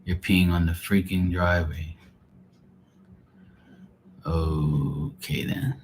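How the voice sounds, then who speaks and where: A man's voice: low-pitched, steady tone, slow, long pauses, a little hiss or hum. A man hosting a casual live stream, rambling and exasperated and swearing freely. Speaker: live tarot reader.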